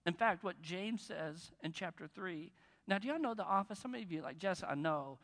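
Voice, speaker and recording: A man's voice: high voice, brisk, fairly bright tone. A man preaching a sermon, talking conversationally, joking, and stressing key words. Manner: conversational, joking, with bursts of emphasis. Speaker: pastor. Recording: long reverb of a large hall.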